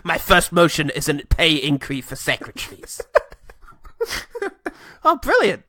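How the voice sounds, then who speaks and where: A man co-hosting a casual film-recap podcast, sarcastic and swearing freely with quick asides. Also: fairly high pitch, huge pitch swings, bright, forceful tone, no room sound, studio quality. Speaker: podcast co-host.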